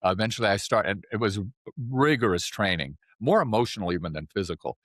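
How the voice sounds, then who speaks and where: A man in his seventies, a podcast guest, telling his life story in a chatty, animated way and often checking in with "right?". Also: fairly low pitch, fairly quick, no room sound, clean studio sound. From California. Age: 70s. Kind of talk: casual storytelling interview.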